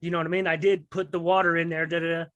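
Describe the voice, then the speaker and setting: A man's voice: fairly high pitch, level tone, rapid-fire, fairly bright tone, dry recording, dull audio. A man telling a rambling story in casual street slang, often checking in with his listener. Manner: rambling street slang, keeps asking "you know what I mean". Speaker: guest recounting prison life.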